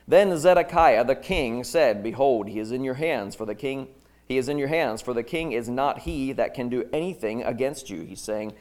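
A man preaching at a middle pitch, reading scripture with dramatic force. His voice climbs loud and high in the quoted cries, then drops almost to a hush when he reflects. Off the cuff he stumbles into small restarts. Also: lively intonation, normal speed.

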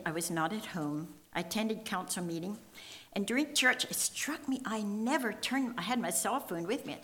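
A woman's voice: medium pitch, fairly bright tone. An older woman telling a personal faith testimony in an earnest, emotional storytelling manner, voicing the people in her story. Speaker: speaker sharing a testimony.

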